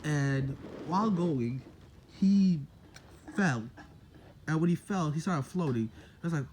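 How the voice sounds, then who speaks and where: A man's voice: a little high, moderate pace, noisy background. A man casually retelling a made-up story, rambling with lots of fillers and self-corrections.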